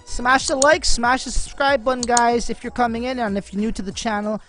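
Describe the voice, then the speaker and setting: Brisk, with hardly any pauses, this male livestream host speaks in a very high, sharp voice with a steady tone. He keeps his casual chat loose, slangy and filler-heavy, addressing viewers as "man" and "bro" directly while faint music plays beneath.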